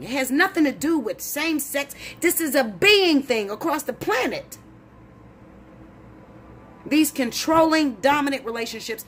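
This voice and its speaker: Blunt, profane woman ranting, voice leaping high. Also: very animated, unhurried, slight background noise. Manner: blunt, profane, preachy, rising to shouts. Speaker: tarot reader. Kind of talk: heated monologue to camera.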